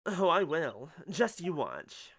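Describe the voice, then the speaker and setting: A man's voice: fairly high pitch, wildly swooping pitch, slow, fairly bright tone, slightly rough, pitched below the performer's own voice, full character voice. A man voicing a confident, cheerful young female spirit medium in a game. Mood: solemn, confident. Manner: upbeat, self-assured.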